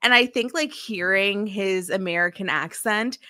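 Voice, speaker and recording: Bright-voiced woman chatting casually. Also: mid-range voice, unhurried, no room sound, clean studio sound. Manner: rambling, with many fillers like "um" and "like". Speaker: podcast co-host. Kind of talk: casual chat recapping a TV episode.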